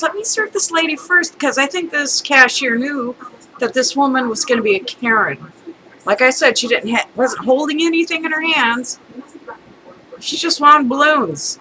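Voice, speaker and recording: Chatty middle-aged woman venting, bright and lively, slightly high voice, keeps laughing through it. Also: slight background noise, low-quality recording. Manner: rambling, chatty, breaks into laughs. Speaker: vlogger. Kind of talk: casual ranting storytime.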